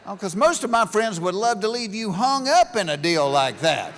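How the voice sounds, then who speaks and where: A man's voice: high voice, lively intonation, normal speed, few pauses, fairly bright tone. A middle-aged man doing stand-up comedy, telling stories and acting out both sides of conversations. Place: large live venue with an audience. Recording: live show with hall reverb.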